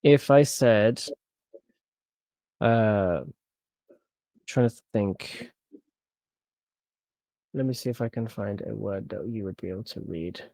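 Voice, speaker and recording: A man teaching Quran reading one-on-one, patient, repeating words slowly syllable by syllable. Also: on the low side, vocal fry, warm tone, no echo. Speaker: Arabic teacher.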